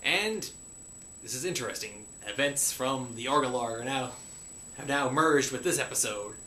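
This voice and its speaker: A man recapping a cartoon episode in a playful pirate persona, saying "be" for "is" and slipping into quick voices for the characters. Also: medium pitch, lively intonation, sharp tone. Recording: echoey room with faint hiss.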